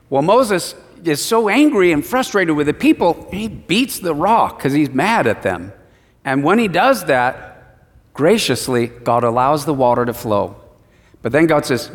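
Higher-voiced preacher in a reverberant hall. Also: male voice, expressive, measured pace, a bit bright. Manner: conversational storytelling with acted quotes. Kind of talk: sermon.

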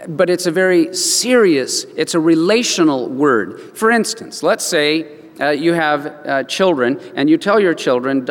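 Storytelling pastor in a reverberant hall. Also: male voice, a little high. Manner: storytelling, acts out voices in quotes. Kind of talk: sermon.

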